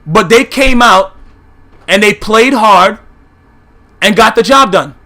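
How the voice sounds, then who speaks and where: A man's voice: high-pitched, slow pace, sharp tone. A man giving a heated, profane recap of football games, blunt and full of filler phrases. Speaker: YouTube sports commentator.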